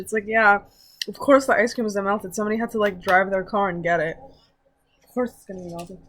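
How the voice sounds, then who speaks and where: A woman's voice: medium pitch, fairly even intonation, brisk, fairly bright tone, a little hiss or hum. A young woman chatting casually at home while she eats on camera, rambling and mocking herself. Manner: rambling, self-mocking, talks while eating. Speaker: mukbang vlogger. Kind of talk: casual eating-show chat.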